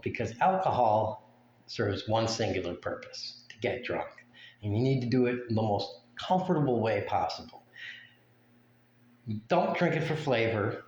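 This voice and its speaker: Crude, mocking male ranter, unhurried delivery, faint room hum behind. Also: medium pitch, darkish tone. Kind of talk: profane rant to camera. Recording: echoey room with faint ambience.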